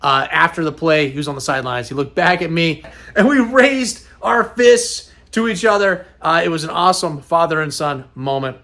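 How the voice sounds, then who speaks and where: A man's voice: fairly high pitch, moderate pace, pushed and bright. A middle-aged man hosting a casual vlog, upbeat and rambling, sounding tired and a little worn. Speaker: host.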